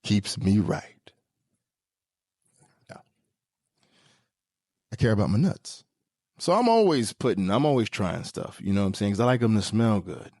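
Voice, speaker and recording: A man hosting a podcast, joking through a comedic monologue with sudden leaps into high squeaky tones. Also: very animated, unhurried, long pauses, a little mellow, dry recording, studio quality. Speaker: podcast host.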